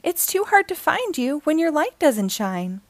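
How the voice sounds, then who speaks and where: A woman voicing a loud, impatient bug friend who shouts out in a storybook reading. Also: sits high, very animated, unhurried, dry recording, voice pushed up, full character voice. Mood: shouting.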